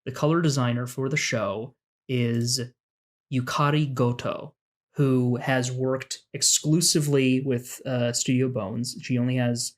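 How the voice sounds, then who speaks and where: A man's voice: mid-range voice, fairly even intonation, unhurried. Earnest, rambling podcast host man. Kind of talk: casual chat.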